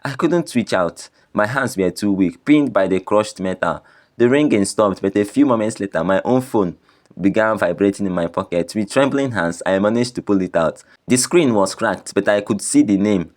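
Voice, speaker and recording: A man with a very deep voice tells a first-person tragedy as scripted narration. His delivery stays grave and sorrowful throughout. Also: animated, moderate pace, a little mellow. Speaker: storyteller.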